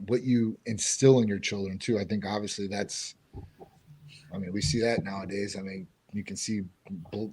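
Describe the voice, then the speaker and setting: A man in casual conversation about raising his son, talking haltingly with many restarts. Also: lowish voice, a little mellow, slight background noise. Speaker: parent guest. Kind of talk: casual chat.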